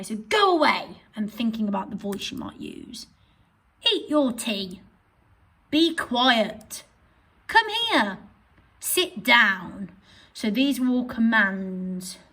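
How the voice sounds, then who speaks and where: Expressive husky-voiced woman teacher. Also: medium pitch, rough recording. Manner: expressive, reads examples aloud with emphasis. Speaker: primary school teacher. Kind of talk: online grammar lesson for children.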